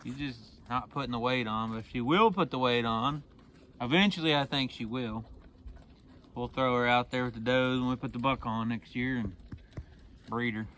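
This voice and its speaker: A man, talking casually while doing farm chores and calling loudly to his animals. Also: mid-range voice, moderate pace, slight background noise. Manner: calls loudly to animals, chatty and laughing. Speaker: farm vlogger. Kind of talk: casual farm vlog narration. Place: outdoors on a farm.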